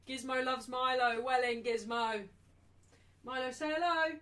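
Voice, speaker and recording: A woman's voice: sits high, a little slow, a bit bright. A chatty woman streams a live match watchalong, her voice sitting a little above the usual range. She drifts between casual commentary and sing-song baby talk to her dog. She sounds a touch distant from the microphone.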